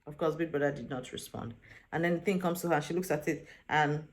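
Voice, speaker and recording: A woman's voice: sits low, brisk. Young woman, recap vlogger, exasperated and sassy, mimics the people she quotes. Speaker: reality show recap vlogger. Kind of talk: casual opinionated recap commentary.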